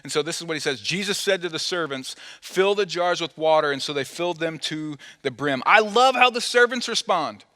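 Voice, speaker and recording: A man's voice: fairly high pitch, a little fast, hardly any pauses, fairly bright tone. A man preaching a sermon as pastor, telling a story playfully and acting out the quoted dialogue. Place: church auditorium. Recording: long hall reverb.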